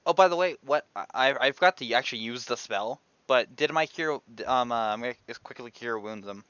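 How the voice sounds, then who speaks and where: Bright, halting male player. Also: medium pitch, lively intonation, smooth, no echo, lo-fi sound. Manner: halting, stammers, laughs often. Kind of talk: casual tabletop play.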